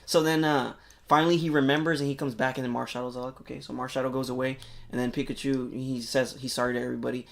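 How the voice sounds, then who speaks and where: A man on a podcast excitedly retelling a movie plot in casual, rambling chat, full of filler words and swearing. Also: medium pitch, quick pace, creaky. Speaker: podcast co-host.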